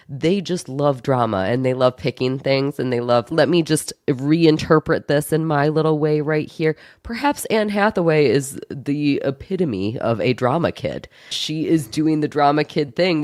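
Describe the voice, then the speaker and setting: A woman's voice: deep voice, animated, darkish tone, no echo, clean studio sound. A woman guest on a film podcast, talking frankly and firmly in casual chat. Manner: frank, opinionated, quick asides.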